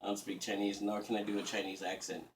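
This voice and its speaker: A man's voice: lowish voice, flat delivery, fast, a little hiss or hum. Profane, rambling man, off-mic. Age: 30s. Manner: crude, profane, rambling, sarcastic. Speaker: vlogger. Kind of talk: casual rambling rant. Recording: voice a bit distant from the mic.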